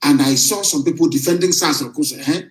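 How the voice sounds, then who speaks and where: A man's voice: fairly high pitch, fast talker. A man delivers a defiant, combative address in a slightly raised voice. The sound carries a roomy echo, as if spoken in a bare room. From southeastern Nigeria. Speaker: movement leader. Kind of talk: broadcast political address.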